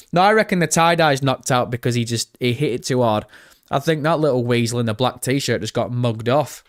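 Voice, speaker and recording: A man's voice: medium pitch, animated, a little fast. A man doing a live-stream reaction, chatty, swearing casually and answering his chat as he goes. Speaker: gaming streamer.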